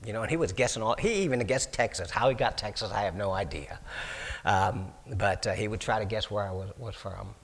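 A man with a fairly low voice shares his life testimony in a homespun, storytelling way. He restarts and repeats words as he goes and slips into the voices of the people he quotes. His words ring out with a long reverb, as in a large hall. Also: a little fast. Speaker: speaker giving his testimony.

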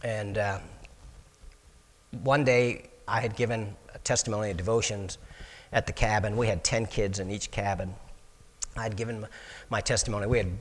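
Folksy low-voiced man in a reverberant hall. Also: fairly even intonation, normal speed, pauses often. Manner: folksy, repeats and restarts words, acts out quoted dialogue. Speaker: speaker giving his testimony. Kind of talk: personal testimony storytelling.

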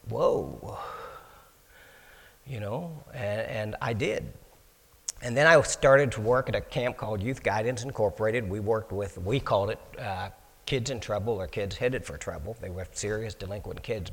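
A man with a fairly low voice shares his life testimony in a homespun, storytelling way. He restarts and repeats words as he goes and slips into the voices of the people he quotes. His words ring out with a long reverb, as in a large hall. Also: moderate pace, vocal fry, slightly rough. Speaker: speaker giving his testimony.

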